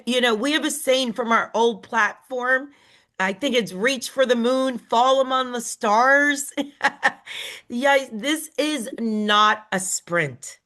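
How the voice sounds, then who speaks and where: A woman's voice: on the high side, bright, forceful tone. A middle-aged woman team leader giving an emphatic, emotional motivational talk to her group. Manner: emphatic, emotional, slow and deliberate.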